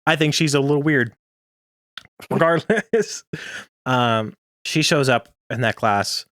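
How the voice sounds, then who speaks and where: A man's voice: medium pitch, takes it slowly, fairly bright tone, no echo. Chatty young man, dry close sound. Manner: chatty, laughs often, jokey. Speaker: podcast co-host. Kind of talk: casual chat recapping an anime episode.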